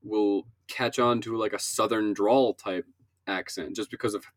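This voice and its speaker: Guy from minnesota, lowish voice, rambles on explaining stuff, dry close sound. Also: steady tone, moderate pace, no echo. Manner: explains at length, loose and rambling. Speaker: podcast co-host. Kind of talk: casual chat.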